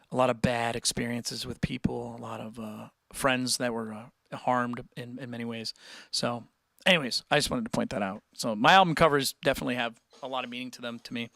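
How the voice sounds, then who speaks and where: A young man chatting casually with viewers on his livestream, rambling and animated, with many restarts and fillers. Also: medium pitch, no echo, studio quality. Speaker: musician hosting a livestream chat.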